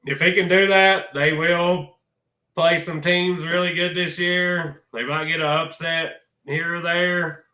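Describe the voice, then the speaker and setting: Man, very bright and sharp tone, echoey room, folksy emotional sports talk. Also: on the high side, fairly even intonation, slow pace. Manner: emotional, folksy, addresses viewers as y'all. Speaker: college football commentator. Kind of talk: casual sports vlog.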